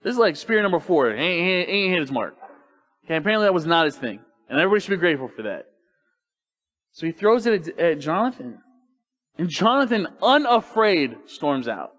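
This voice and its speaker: A male pastor preaches in church, moving between lively, joking asides and plain Bible storytelling. His voice sits a little high for a man, and his talk is loose and colloquial. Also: fairly quick. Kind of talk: sermon.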